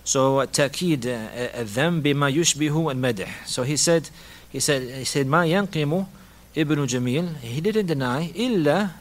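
A man's voice: medium pitch, normal speed. A man teaching a lesson on a hadith and Arabic rhetoric, repeating key phrases, mixing in Arabic terms and laughing lightly. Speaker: Islamic teacher.

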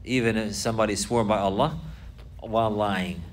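A man giving a religious lesson, explaining points slowly and repeating key phrases for emphasis. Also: lowish voice, fairly even intonation, slight background noise. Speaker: Islamic teacher.

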